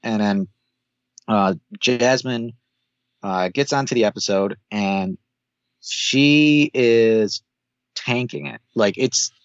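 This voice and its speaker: A man co-hosting a podcast, recapping a TV episode in a rambling way with many filler pauses over a video call. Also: mid-range voice, no echo. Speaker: podcast co-host. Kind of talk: casual chat recapping a TV episode. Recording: dull dry call audio.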